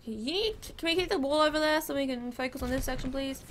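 A woman's voice: high-pitched, fast, slight background noise. A woman giving casual, chatty commentary while playing a video game, cheering on her team. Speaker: gaming video creator.

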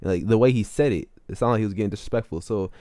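A man's voice: racing, no echo, clean studio sound. A young man rambling through a casual storytime monologue in slangy speech, full of fillers. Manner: animated, with sudden jumps up in pitch. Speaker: vlogger telling a story.

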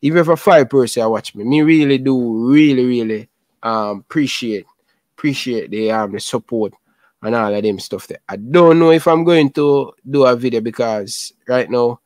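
A man's voice: mid-range voice, moderate pace, darkish tone, no room sound. A young man with a Jamaican accent hosting a football channel, talking casually and emotionally in patois with lots of repetition. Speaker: YouTube football channel host. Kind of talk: casual chat.

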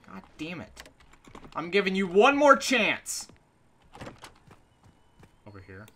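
A woman giving let's play commentary, exasperated, swearing often, yelling in bursts and then muttering to herself. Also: mid-range voice, wildly swooping pitch, slow. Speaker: gaming commentator.

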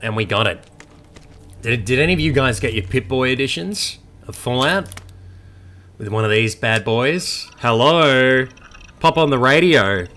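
A man's voice: medium pitch, moderate pace, slight background noise. A young man giving casual, swearing let's-play commentary as a gaming YouTuber. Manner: swearing, excitable, chatty.

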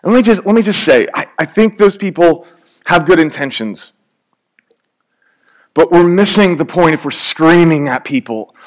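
Male preacher, chatty sermon delivery, slightly higher pitch. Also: a bit bright. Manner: conversational, joking, acts out little scenes.

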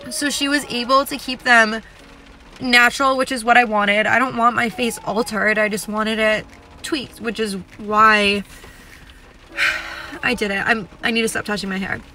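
A woman's voice: fairly high pitch, flat delivery, moderate pace, sharp tone, a little hiss or hum. A young woman vlogging casually to camera from a car, chatty and emotional, full of "like" fillers.

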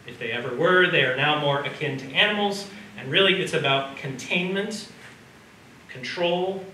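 Man lecturing from a distance, conversational and bright. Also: a little high, moderate pace. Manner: conversational, asks the audience questions. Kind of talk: public lecture with slides. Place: community hall or lecture room. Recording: roomy sound from a distance, faint background noise.

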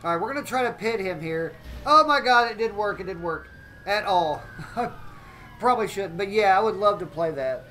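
A man giving excitable live gameplay commentary as a streamer, often exclaiming and greeting his chat. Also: high voice, normal speed, slight background noise, rough recording.

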